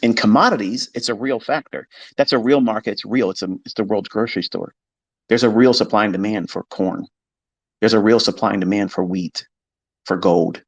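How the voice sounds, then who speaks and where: A man's voice: on the low side, brisk, slightly rough. A man talking to listeners on a live audio stream, blunt and emphatic, swearing freely and mimicking his skeptics. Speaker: trading educator hosting a live audio space. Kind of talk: casual monologue to listeners.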